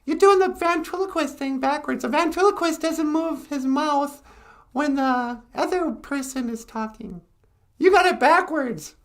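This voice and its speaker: A man doing Natasha, a shrill sassy dummy girl. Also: measured pace, a bit bright, heavily acted. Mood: teasing. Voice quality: shrill, squeaky. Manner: bossy, teasing.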